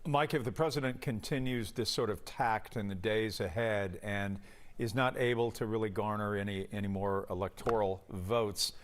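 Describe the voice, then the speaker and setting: A man anchoring a broadcast news program, asking guests long, measured multi-part questions. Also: fairly low pitch.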